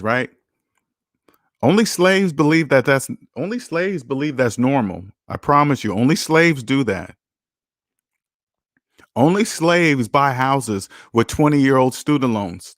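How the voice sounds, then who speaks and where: A man's voice: medium pitch, no room sound, studio quality. A man hosting a finance video, lecturing his viewers in an emphatic, repetitive way and reading an article aloud with running commentary. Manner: emphatic, repetitive, lecturing, swings loud and soft. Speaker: personal finance vlogger.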